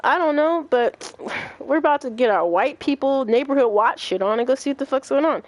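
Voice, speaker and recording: A young adult woman hosting a gaming livestream, telling a story in casual chat, profane and animated, acting out what others said. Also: medium pitch, slight background noise. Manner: animated, profane, acts out quoted voices.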